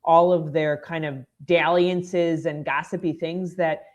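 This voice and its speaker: A woman's voice: sits low, steady tone, unhurried, darkish tone, lo-fi sound. A woman who is a guest on a podcast, chatting casually in a rambling, thoughtful way. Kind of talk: casual chat.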